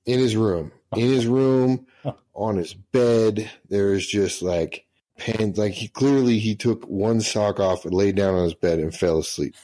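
A man's voice: lowish voice, unhurried, mellow. A middle-aged man, a retired senior master sergeant, telling profane, laughing anecdotes in casual storytelling.

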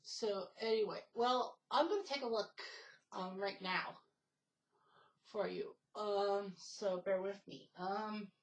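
A woman talks casually on her own gaming channel, wandering from point to point. She often stops on "um" and restarts her sentences. Her voice sits at an ordinary pitch for a woman. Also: slow, low-quality recording. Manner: rambling, many fillers and restarts. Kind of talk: casual gaming video talk.

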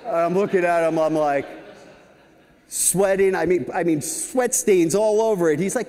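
A man in his fifties giving a conference talk, telling lively anecdotes with frequent "right?" asides. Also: high-pitched, measured pace. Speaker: keynote speaker. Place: large conference hall stage. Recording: reverberant conference hall.

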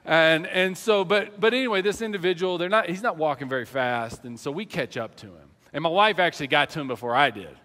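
Pastor preaching in an echoey hall. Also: male voice, a little high, brisk, few pauses. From American South. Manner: animated storytelling, acts out shouted quotes. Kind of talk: sermon with personal story. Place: church sanctuary. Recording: church hall reverb.

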